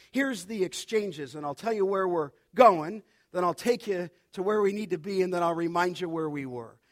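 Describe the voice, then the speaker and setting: High-voiced man preaching a sermon. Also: fairly bright tone. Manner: emphatic, repeats key phrases, slows for quoted scripture. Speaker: pastor.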